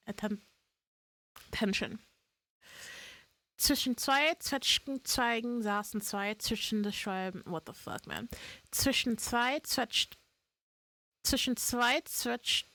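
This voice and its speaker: A woman's voice: on the high side, sharp tone. A woman streamer chatting casually on a live stream, swearing freely and laughing at her own slips.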